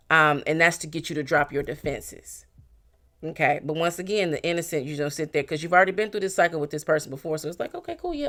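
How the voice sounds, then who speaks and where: A tarot reader giving a casual reading straight to the viewer, blunt and animated, now and then slipping into mocking voices for quotes. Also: mid-range voice.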